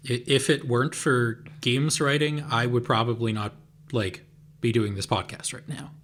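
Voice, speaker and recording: A man's voice: medium pitch, fairly even intonation, moderate pace, fairly bright tone. A man co-hosting a podcast in casual chat, often restarting and filling with "like". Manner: hesitant, repeats words, fills with "like". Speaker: podcast co-host.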